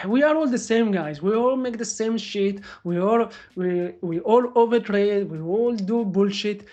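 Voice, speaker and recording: A woman day trader live-streaming her trades, talking excitably to viewers and swearing freely. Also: mid-range voice. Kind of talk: live-stream trading commentary.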